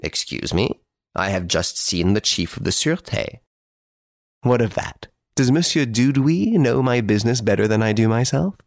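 A man doing a smug, teasing gentleman thief. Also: mid-range voice, animated, moderate pace, gravelly, no echo, clean studio sound, pitched above the performer's own voice. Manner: urbane, teasing, playfully boastful. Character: suave, mocking gentleman thief in prison, male.

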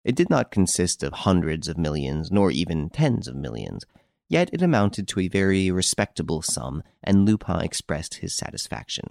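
A man narrating a classic novel as an audiobook, in a measured, formal storytelling manner. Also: deep voice, big pitch swings, vocal fry, darkish tone, no room sound, studio quality. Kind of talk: scripted narration.

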